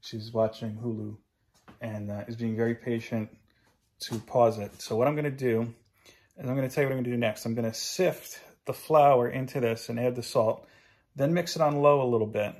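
Here a man hosts a homey cooking vlog from his kitchen, recording on a handheld phone and teasing himself along the way. The voice is mid-range and darkish, with fairly even intonation and a moderate pace, and his delivery is jokey, self-deprecating, and full of chatty asides.

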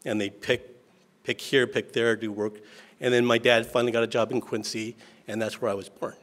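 A man's voice: medium pitch, level tone, normal speed, fairly bright tone. A middle-aged man giving an informal speech as a state legislator, folksy and self-deprecating, telling stories about himself. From Eastern Washington, USA. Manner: folksy, self-deprecating, acts out family dialogue.

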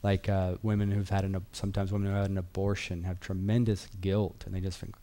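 A man's voice: low voice, completely flat delivery, fast talker, few pauses, warm tone. A man teaching a Bible class in an earnest, conversational way, repeating key phrases and reading verses aloud.

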